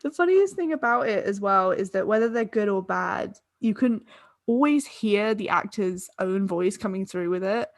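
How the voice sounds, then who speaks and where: A woman's voice: mid-range voice, expressive, normal speed, no echo. Woman co-host, a bit tipsy, giggly ramble, dry close mic. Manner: rambling, laughs mid-sentence. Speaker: podcast co-host. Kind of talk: casual chat.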